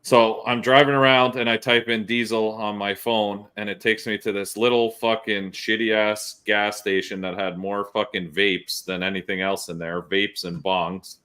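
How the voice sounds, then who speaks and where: A man's voice: on the low side, normal speed, few pauses, smooth. A male podcast host, telling profane stories in casual chat. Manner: profane, animated storyteller.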